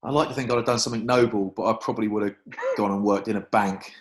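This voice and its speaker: English man telling stories, low voice. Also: quick pace. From England. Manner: lively anecdotal storytelling, swears freely. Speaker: guest, former rugby player. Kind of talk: casual interview chat.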